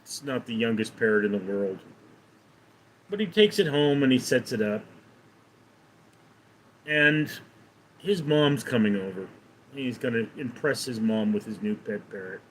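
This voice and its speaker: A man's voice: medium pitch, lively intonation, a little slow, long pauses, a little hiss or hum, low-quality recording. Chatty man on a live stream. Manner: rambling, chatty, reading out and answering viewer comments. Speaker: livestreamer. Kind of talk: casual live-stream chat. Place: home in Los Angeles.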